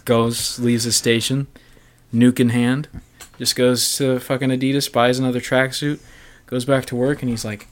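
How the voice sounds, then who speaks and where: A man's voice: medium pitch, little pitch movement, normal speed. Rambling young man, podcast comedy chat. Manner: rambling, acts out voices in comic bits.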